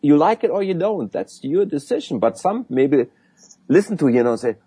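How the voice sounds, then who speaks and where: A man with a German accent answering as a guest in an interview, animated and full of restarts. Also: a little high, moderate pace, breathy edge. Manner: animated, acts out sales calls, frequent restarts. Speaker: guest sales expert.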